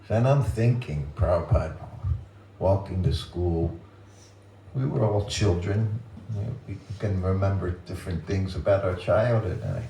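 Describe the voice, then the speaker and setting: An older man giving a temple talk, reminiscing in a gentle, chuckling storytelling way. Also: deep voice, unhurried, vocal fry, distant mic, slight background noise. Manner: gentle, chuckling anecdotal delivery. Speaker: guest speaker at a temple. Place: temple hall. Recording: roomy temple hall with faint ambience.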